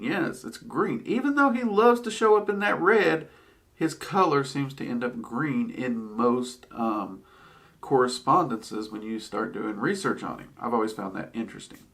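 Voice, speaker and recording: A man's voice: medium pitch, creaky, pushed and bright. A man teaching about occult spirits in a casual, chatty way, with frequent ums and wry asides. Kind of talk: casual explanatory talk.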